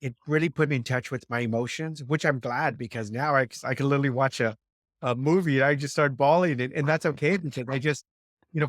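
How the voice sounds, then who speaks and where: A man's voice: mid-range voice, no room sound, studio quality. A man hosting a podcast interview who talks in a reflective, casual way. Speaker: podcast host. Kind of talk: interview talk.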